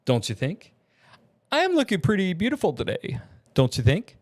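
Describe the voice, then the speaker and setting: A man's voice: high-pitched, huge pitch swings, normal speed, pitched above the performer's own voice, full character voice. A man voicing a vain, flamboyant young male summoner, preening and theatrical.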